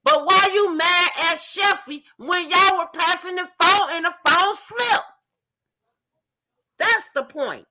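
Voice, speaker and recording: A woman with a high, ringing voice makes her case in a heated live stream debate. She talks with emphatic passion, sprinkled with profanity, pressing her point over and over. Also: takes it slowly, sharp tone.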